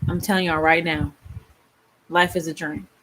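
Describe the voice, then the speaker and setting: A woman's voice: lowish voice, level tone, moderate pace, fairly bright tone, a little hiss or hum. A woman vlogger chatting casually to her viewers, musing and rambling, calling them y'all. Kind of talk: casual chat.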